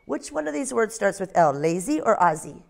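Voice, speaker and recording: A woman teacher leading a phonics lesson with young children and reading them a story in a slow, sing-song way. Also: mid-range voice, very animated, gravelly, darkish tone. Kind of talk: phonics lesson and read-aloud.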